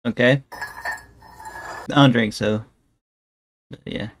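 A man streaming casual reaction commentary, talking to his chat in a relaxed, slangy way. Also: mid-range voice, extremely slow, slight background noise. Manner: laid-back slangy, calls chat bro and guys.

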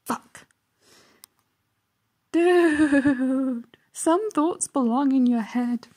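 A woman's voice: a little high, level tone, normal speed, a little mellow. A woman hosting reaction commentary, sarcastic and exasperated, often dropping to a whisper. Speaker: host.

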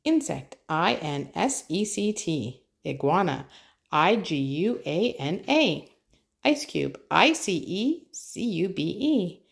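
A woman's voice: on the low side, big pitch swings, takes it slowly, vocal fry. A mother patiently reading an alphabet workbook aloud with her child, spelling words letter by letter and echoing the child's prompts.

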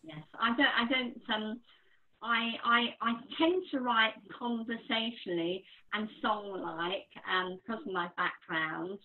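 A woman's voice: mid-range voice, measured pace. A woman poet talking as an interview guest, chatty, with many ums. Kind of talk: casual interview talk. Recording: tinny phone-like line.

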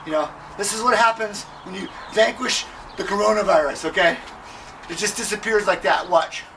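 An American man clowning through a joking video greeting, swinging between shouts and mumbles. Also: sits high, moderate pace, recorded from a distance, slight background noise. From United States. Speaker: comedy musician. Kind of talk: jokey video greeting with song parody.

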